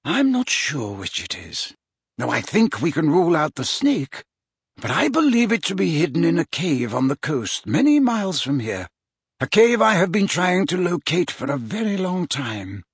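Guy reading as an old wizard headmaster, slow and careful, kinda husky, lively pitch. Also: dry recording, clean studio sound, exaggerated voice. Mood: grave. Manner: measured, gentle and deliberate. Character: wise elderly male wizard headmaster, calm and grave. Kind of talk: audiobook character reading.

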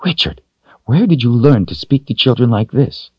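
A man voicing a kind woman who speaks softly and coaxingly to a frightened child. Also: mid-range voice, sing-song, normal speed, breathy edge, no room sound, highs cut off, pitched above the performer's own voice. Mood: soothing. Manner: soft and coaxing. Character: gentle kind woman stranger.

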